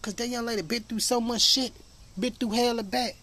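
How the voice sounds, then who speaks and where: A man's voice: extremely high pitch, fairly even intonation, fairly quick, sharp tone. A man hosting a podcast in a casual monologue, emphatic, profane and preachy, rambling as he goes. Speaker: podcast host.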